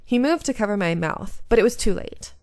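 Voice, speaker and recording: A woman's voice: mid-range voice, animated, a little fast, darkish tone, no room sound, studio quality. A woman YouTuber reading a visual novel aloud in first person, breaking off now and then to comment. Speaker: gaming YouTuber.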